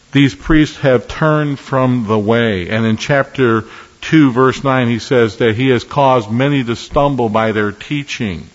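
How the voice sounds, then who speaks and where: Male pastor, earnest emphatic sermon delivery, long hall reverb, slightly muffled sound. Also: medium pitch. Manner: earnest, emphatic preaching with measured pauses.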